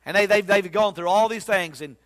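A man preaching a sermon, telling the story in an animated, folksy way with sudden loud bursts. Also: sits high, fairly quick. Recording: long hall reverb.

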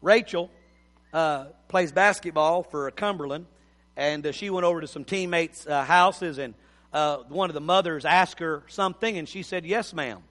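Preacher guy in his 50s, high bright voice, folksy, repeats himself, big reverb-y church hall. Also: moderate pace. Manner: folksy, repeats words when emphatic. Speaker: pastor. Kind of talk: sermon. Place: church sanctuary.

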